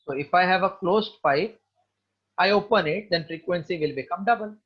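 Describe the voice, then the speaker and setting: High-voiced Indian male physics teacher. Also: normal speed. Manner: mixes Hindi into English, asks students questions. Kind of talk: online class explanation. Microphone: video call. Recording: dull lo-fi online call audio.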